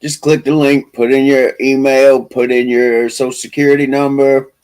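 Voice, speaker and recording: A man's voice: mid-range voice, little pitch movement, normal speed, darkish tone, clear, resonant tone, poor audio. A man co-hosting a live stream, joking and teasing in casual chat. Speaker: stream co-host.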